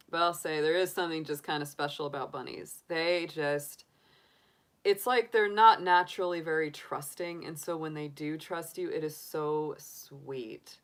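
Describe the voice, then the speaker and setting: A middle-aged woman hosting a livestream, chatting casually with viewers in a giggly, rambling way full of laughs and restarts. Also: sits low. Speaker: tarot reader livestream host. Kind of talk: casual chat answering live viewers.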